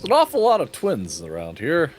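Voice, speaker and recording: A man's voice: fairly high pitch, moderate pace. A man playing in a tabletop game stream, joking and chatting in a playful way. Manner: playful and joking, with animated swings. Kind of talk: casual chat around a tabletop game.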